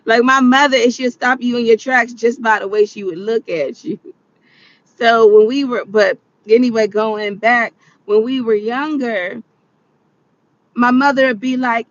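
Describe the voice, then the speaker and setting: Casual vlogger, woman in her late thirties, high-pitched, chatty and laughing as she acts out family stories. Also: measured pace, highs cut off. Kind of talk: casual storytelling.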